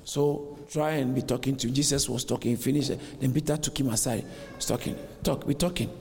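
A man's voice: medium pitch, fairly even intonation, a little fast, vocal fry, a little mellow. A man preaching a sermon as a pastor, acting out dialogue with animation. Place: church hall. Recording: long reverb in a large hall.

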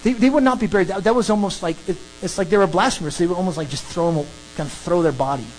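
A preacher giving an animated, emphatic sermon that works through a scripture passage. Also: mid-range voice, quick pace, slight background noise, low-quality recording. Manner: animated, emphatic, acts out crowd scenes.

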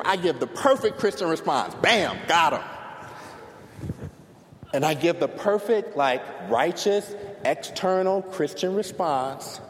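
A male pastor preaching a sermon to a congregation, telling stories in an animated way and clapping as he talks. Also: on the high side, slow. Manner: animated storytelling, claps while preaching. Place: church sanctuary before a congregation. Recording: long hall reverb, faint noise.

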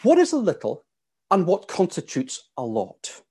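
A man preaching a sermon in a measured, emphatic way. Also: sits high, huge pitch swings, mellow, husky. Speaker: pastor.

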